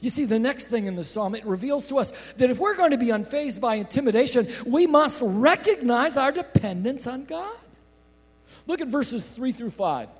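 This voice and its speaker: High-voiced impassioned male preacher. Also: expressive. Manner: impassioned preaching with sudden shouts and hushed drops; slow, drawn-out delivery. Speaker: pastor. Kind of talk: sermon. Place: church sanctuary. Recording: echoey sanctuary with long reverb.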